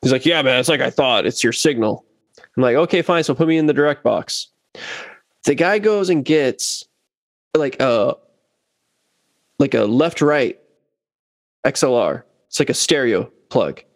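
A man tells a story in casual chat and slips into other voices for the quotes, his pitch jumping up and down as he goes. His voice is mid-pitched and dry, recorded close with little room sound. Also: a little slow, long pauses, no echo. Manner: animated, acts out quotes of others. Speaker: bass player telling a story.

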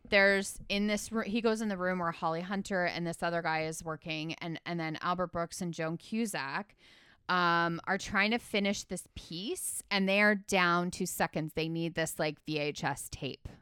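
Chatty woman with a smooth, dry voice. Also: fairly low pitch, normal speed, a bit bright, dry recording. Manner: chatty, filler-heavy, acts out the characters' lines. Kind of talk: casual chat retelling a film.

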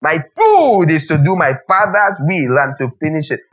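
A man's voice: on the high side, sing-song, normal speed, a bit bright. A male preacher voicing the boy Jesus answering his parents plainly. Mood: matter-of-fact.

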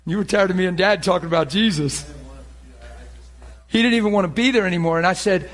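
A middle-aged male preacher whose voice sits high for a man. He talks to the congregation like a friend, acts out both sides of little conversations and laughs often along the way. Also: a little fast. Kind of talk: sermon.

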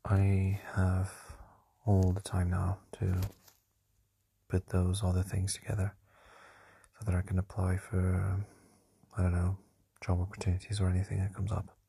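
A young man whispering softly into a close mic while lying down at night, a hesitant podcast diary full of fillers. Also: low-pitched, monotone, moderate pace, gravelly, breathy edge. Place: lying down in a shared home at night.

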